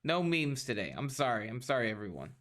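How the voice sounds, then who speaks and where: A man co-hosting a casual podcast chat, easygoing and quick to laugh, steering the talk along. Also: mid-range voice, big pitch swings, a bit bright. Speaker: podcast co-host.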